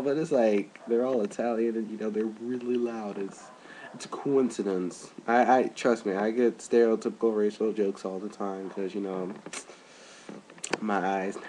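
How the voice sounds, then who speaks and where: A young man in a rambling, filler-heavy casual webcam vlog, recorded at home, jumping his voice up high for quoted people. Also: a little hiss or hum. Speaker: vlogger. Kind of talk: casual chat.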